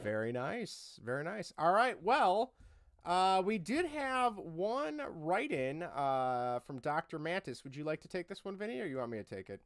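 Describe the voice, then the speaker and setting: A man co-hosting a casual podcast. His voice is somewhat high and moves around a lot as he asks questions and agrees. The sound is dry and close. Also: sing-song, moderate pace, hardly any pauses, fairly bright tone, dry recording. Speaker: podcast co-host. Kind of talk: casual chat.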